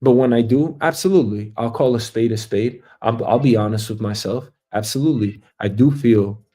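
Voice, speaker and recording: A man's voice: mid-range voice, fairly quick, dark tone. A man hosting his own show, talking through a casual, reflective monologue with lots of fillers and some swearing. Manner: reflective, profane, rambling with many fillers. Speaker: show host.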